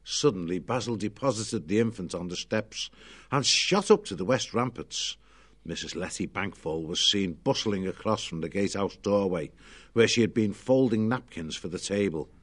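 A man narrating a children's storybook in a lively, expressive way. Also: on the low side, moderate pace.

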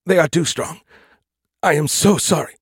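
A man's voice: fairly high pitch, wildly swooping pitch, slow pace, a bit bright, husky, no room sound, clean studio sound, voice pushed up, exaggerated voice. A man voicing a boastful male artificial intelligence living in a metal canister, in a raised, grandiose voice. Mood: strangled. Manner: grandiose, defiant. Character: cocky boastful male AI in a can.

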